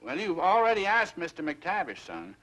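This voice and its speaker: Calm dad, reasonable, bright tone, animated pitch, 1960s sitcom. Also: male voice, moderate pace, exaggerated voice, low-quality recording. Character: calm, reasonable father of the boy.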